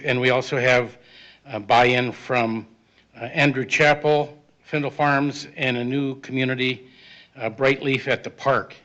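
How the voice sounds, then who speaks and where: A man making club announcements at a meeting, halting with many fillers. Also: mid-range voice, fairly bright tone. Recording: dull lo-fi audio.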